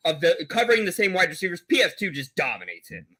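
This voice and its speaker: A man's voice: high voice, huge pitch swings, quick pace, sharp tone. A man co-hosting a casual sports talk show, giving emphatic and opinionated takes. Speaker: co-host.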